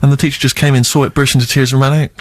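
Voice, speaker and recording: A man's voice: mid-range voice, little pitch movement, rapid-fire. A man co-hosting a radio show, recalling school days in a rambling, reflective way. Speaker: radio co-host. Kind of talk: casual radio banter. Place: radio studio. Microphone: studio mic.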